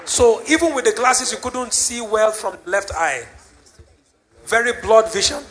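Shouting high-voiced male preacher. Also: lively intonation, unhurried. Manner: shouting, exhorting the crowd. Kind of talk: healing service preaching. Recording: live church service with music.

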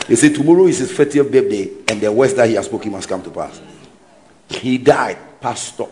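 A man preaching a sermon in an animated way, shouting and mocking people's voices. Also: medium pitch, a little fast, slight background noise.

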